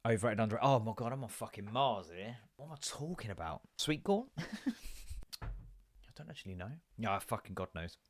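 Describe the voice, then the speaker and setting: A man's voice: lowish voice, animated, fairly quick, no echo. A man, hosting a casual podcast and rambling, swearing and mocking himself as he talks. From England. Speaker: podcast host. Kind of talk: casual solo podcast rant.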